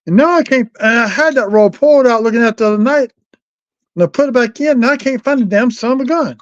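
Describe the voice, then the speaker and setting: A woman's voice: fairly high pitch, fast talker, no echo. A woman co-hosting a casual coin-collecting stream, chatting and rambling on as she searches for something. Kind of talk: casual live-stream chat. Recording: dull lo-fi sound.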